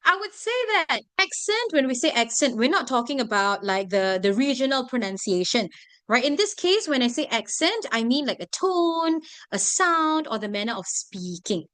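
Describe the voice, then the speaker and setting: High, lively woman tutor. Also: moderate pace, dry recording. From Singapore. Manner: checks in often with students, animated. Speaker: English tutor. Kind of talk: classroom vocabulary lesson. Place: classroom.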